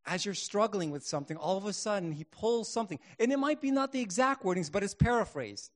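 A middle-aged man preaching a sermon and telling his own testimony, earnest, rising to emphatic bursts and then dropping quiet. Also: high voice, lively intonation, fast talker.

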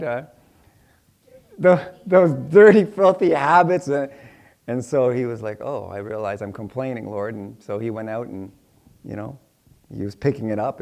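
A man's voice: mid-range voice, mellow. Middle-aged pastor guy giving a chatty bible teaching, cracks jokes, does little voices for people. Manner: chatty and joking, acts out little dialogues in voices. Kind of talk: conversational Bible teaching sermon.

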